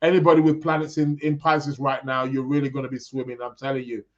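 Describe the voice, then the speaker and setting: A man's voice: medium pitch, flat delivery, fast. A man hosting an astrology podcast in a casual live-stream style, rambling and correcting himself as he chats with his viewers. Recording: dull lo-fi sound.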